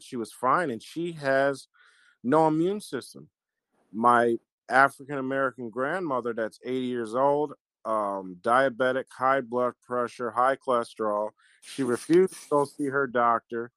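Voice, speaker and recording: An earnest man tells a personal story, and his sentences often stall and start again. The recording is dry and close, with no room sound around his mid-pitched voice. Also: fairly bright tone, no echo. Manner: earnest storytelling with halting restarts. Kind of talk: casual conversation, personal story.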